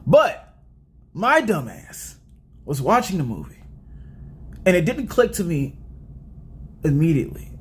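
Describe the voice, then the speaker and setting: A young man giving a casual movie review in an animated, rambling and joking way. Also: a little high, a little slow, pauses often, slight background noise.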